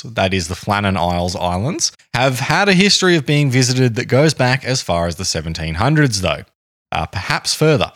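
A man's voice: lowish voice, a bit bright, dry recording, studio quality. An Australian man co-hosting a podcast, recounting a story in a rambling, jokey way and often correcting himself. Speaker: podcast co-host. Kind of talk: casual chat, telling a story.

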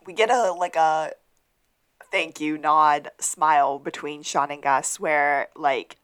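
A woman's voice: sits low, slow, clear, resonant tone. A woman co-hosting a podcast, recapping a TV episode in casual chat and acting out the characters' lines. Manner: animated retelling, acting out quotes. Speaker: podcast co-host.

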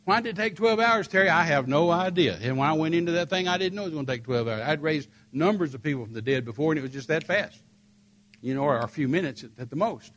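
Emphatic older preacher. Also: male voice, fairly high pitch, quick pace. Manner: emphatic, rises to forceful peaks. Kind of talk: sermon storytelling.

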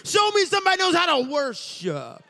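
A male preacher delivering an impassioned sermon, often rising into shouts and sung phrases. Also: very high voice, huge pitch swings, fairly quick, a little hiss or hum. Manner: impassioned, shouting and half-singing at peaks.

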